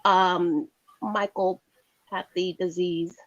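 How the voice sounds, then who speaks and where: A woman co-hosting a casual talk show, reading out a news story in a lively way and filling the talk with agreeing interjections. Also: on the low side, very slow, highs cut off.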